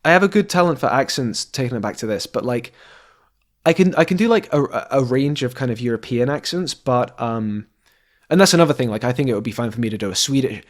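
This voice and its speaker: A man hosting a podcast, thinking out loud in an animated, discursive way. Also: medium pitch, fairly quick. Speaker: podcast host. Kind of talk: casual chat.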